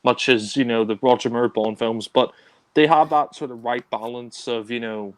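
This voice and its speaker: A man's voice: mid-range voice, steady tone, moderate pace, dry recording. A man casually reviewing spy films, rambling with many fillers and restarts. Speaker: film reviewer. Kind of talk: casual film discussion.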